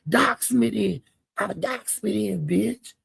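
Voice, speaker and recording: A man voicing an angry, tipsy woman streamer who taunts her rivals, in a gravelly, husky voice. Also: high voice, slow, a bit bright, no echo, pitched above the performer's own voice, exaggerated voice. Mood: taunting.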